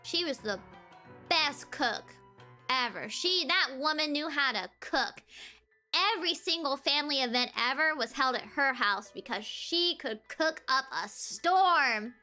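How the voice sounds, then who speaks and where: A woman's voice: sits high, lively intonation, unhurried, pushed and bright, soft background music. A young woman from the Southern United States, a streamer chatting casually with viewers, giggling and rambling with lots of fillers and restarts. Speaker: VTuber streamer. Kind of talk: casual chat answering viewers.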